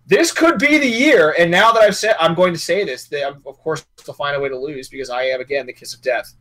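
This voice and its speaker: Casual male sports podcast co-host, slightly high, bright and forceful voice, loose joking delivery. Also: fairly quick. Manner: rambling, joking, self-correcting.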